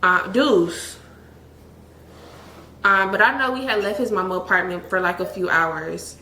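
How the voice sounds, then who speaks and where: Young woman vlogger with a bright voice, blunt candid storytelling, roomy echo. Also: mid-range voice, a little slow, slight background noise. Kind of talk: storytime vlog. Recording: echoey room.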